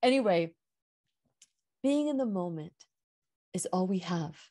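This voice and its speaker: A woman's voice: fairly low pitch, lively intonation, measured pace, warm tone. A woman hosting a radio show, giving an earnest, heartfelt inspirational talk about faith, and rising and falling with emphasis.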